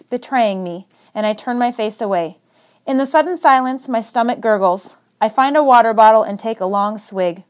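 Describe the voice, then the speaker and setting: High-voiced woman reading a story aloud. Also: darkish tone. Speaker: reader on a radio book show. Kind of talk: reading a children's novel aloud.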